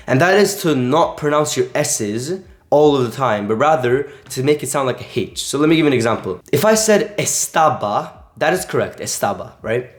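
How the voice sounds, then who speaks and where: A young man teaching casually in a vlog, rambling with lots of filler words. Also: mid-range voice. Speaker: language coach. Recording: echoey room.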